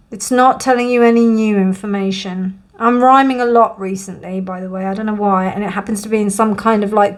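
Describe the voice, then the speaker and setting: A woman giving a pick-a-card tarot reading, chatty and rambling, calling her viewers "my darlings". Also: mid-range voice.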